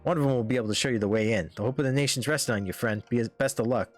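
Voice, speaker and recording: A man's voice: medium pitch, faint music behind, natural voice. A man voicing a blunt male mine worker in a put-on regional accent while reading game dialogue. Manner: brisk and blunt.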